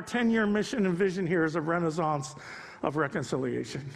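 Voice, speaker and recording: A man in his sixties preaching a sermon off the cuff, moving from quiet storytelling to impassioned rising appeals. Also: fairly high pitch, expressive, a little fast, creaky, big-room sound. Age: 60s. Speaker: pastor.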